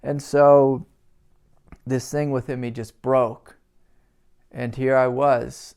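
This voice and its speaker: Gravelly-voiced man telling a personal story. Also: medium pitch, level tone. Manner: reflective, halting, laughs softly between phrases. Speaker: spiritual teacher.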